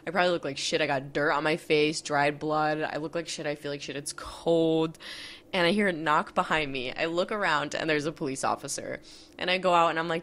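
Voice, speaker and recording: Low-voiced young woman telling a storytime. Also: fairly even intonation, fairly quick, fairly bright tone. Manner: rambling, filler-heavy, laughs at own story. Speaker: podcast host. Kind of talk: casual storytime.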